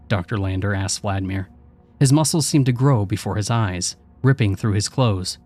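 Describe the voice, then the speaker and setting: Reading from a horror script, a man speaks in a somewhat low register with calm, measured steadiness, while music plays softly behind him.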